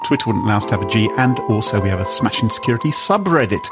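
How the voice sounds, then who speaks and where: A man co-hosting a podcast, chatty and quick to laugh. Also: on the low side, loud music behind the voice. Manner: chatty, laughs easily, lively. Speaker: podcast co-host. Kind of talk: casual podcast chat.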